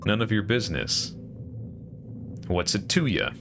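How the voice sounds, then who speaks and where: A man voicing a cheeky, teasing little boy who gives flat, flippant answers in a game. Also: fairly low pitch, measured pace, gravelly, music in the background, full character voice.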